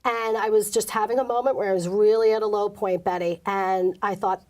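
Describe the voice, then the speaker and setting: A woman's voice: medium pitch, fairly even intonation, fairly quick, darkish tone. A middle-aged woman, an interview guest, candidly telling an emotional personal story and acting out the quoted dialogue.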